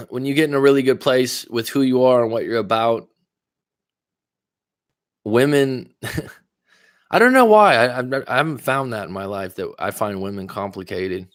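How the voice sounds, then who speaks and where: A man's voice: mid-range voice, dry recording, studio quality. A man coaching on relationships in a casual livestream, reading viewer comments aloud and answering with pointed questions, sometimes tripping over his words. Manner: admits talking fast after coffee, some stutters. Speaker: life coach and livestream host.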